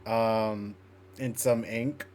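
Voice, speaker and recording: Young male tabletop player, slow and halting, playful. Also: fairly low pitch, fairly even intonation, a little mellow, slight background noise. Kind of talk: tabletop role-play.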